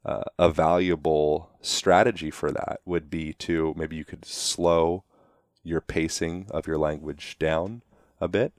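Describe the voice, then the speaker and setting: A man talking as a guest in a relaxed conversational way, full of "you know" fillers and quick acted-out examples. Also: very deep voice, no room sound, studio quality. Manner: animated, acts out quick voiced examples.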